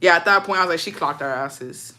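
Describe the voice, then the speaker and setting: A woman's voice: fairly low pitch, brisk, bright, forceful tone, slight background noise. A woman telling stories in a casual chat, blunt and profane, switching between English and Spanish.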